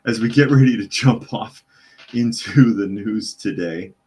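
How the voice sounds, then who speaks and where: A man's voice: on the low side, unhurried, darkish tone. A man hosting a live news commentary podcast from home, chatting casually with sarcastic asides between reading articles. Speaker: podcast host. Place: hot home room with a loud computer fan.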